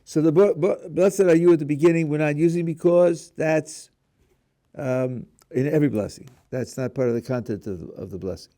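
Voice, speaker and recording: A man's voice: fairly high pitch, moderate pace, dark tone. A middle-aged man, a rabbi, giving a lecture on prayer, explaining step by step, asking his students questions and often restarting words. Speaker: rabbi teaching a class.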